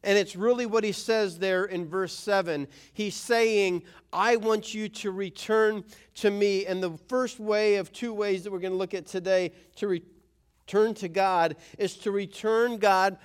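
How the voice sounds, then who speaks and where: A man's voice: high-pitched, measured pace. A man preaching a conversational sermon as a pastor, acting out quoted voices.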